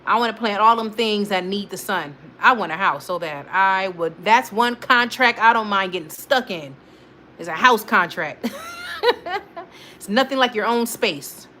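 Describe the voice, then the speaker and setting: Bright-voiced woman chatting on a livestream. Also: medium pitch, moderate pace, a little hiss or hum. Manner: chatty, laughs often, talks back to chat. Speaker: livestream host. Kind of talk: casual livestream chat reading comments.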